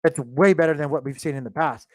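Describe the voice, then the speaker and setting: Talking fast in a slightly high voice, a crypto channel host rambles through casual market commentary from his home, full of filler words and thinking aloud. The audio is dry and studio-clean.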